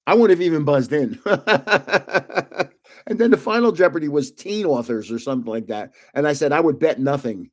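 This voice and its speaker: A man's voice: on the high side, expressive, normal speed. An older man hosting a casual livestream from home, rambling through anecdotes and chuckling often. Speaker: livestream host.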